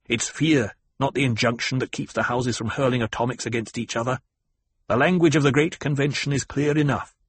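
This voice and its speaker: A man voicing a young rebel leader who speaks firmly and commandingly, in a husky voice. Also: medium pitch, dry recording, close to an everyday voice. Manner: firm, commanding. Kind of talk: audiobook character voice.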